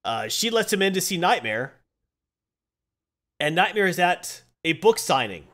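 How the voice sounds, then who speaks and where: A man in a casual chat who recaps a comic book with lively energy. His voice sits a little high and his pitch jumps around freely. He slips into quick character voices mid-story. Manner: animated retelling, acting out quotes. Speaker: podcast host.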